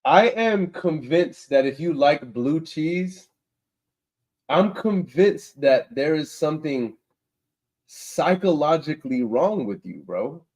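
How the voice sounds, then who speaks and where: A young man hosts a laid-back livestream, reading viewers' comments aloud and reacting with slang and easy laughter. His voice sits a little high for a man. He talks at an unhurried, drawn-out pace. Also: expressive, a little mellow. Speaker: livestream host reading chat. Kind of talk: casual livestream chat.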